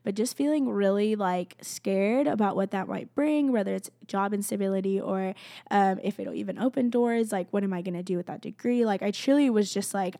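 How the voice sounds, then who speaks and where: Earnest young woman with a gravelly voice. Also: medium pitch, normal speed, warm tone, no room sound. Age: young adult. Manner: earnest and heartfelt, with constant "like" fillers; emotional, close to tears at times. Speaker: college student sharing a faith testimony. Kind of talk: casual spoken testimony.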